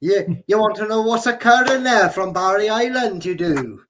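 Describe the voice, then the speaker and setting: A man's voice: sits high, animated, moderate pace, noisy background, pitched above the performer's own voice. A man putting on a cheeky welsh fella.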